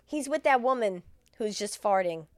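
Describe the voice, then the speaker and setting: A woman's voice: medium pitch, animated, normal speed, dry recording. A woman co-hosting a comedy podcast, recapping a film in crude, laughing chat and acting out the lines.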